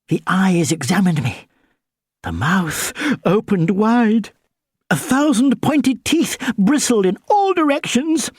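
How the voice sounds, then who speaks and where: A woman narrating a children's audiobook with expressive, lively storytelling. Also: a little high, slightly rough, no echo, studio quality.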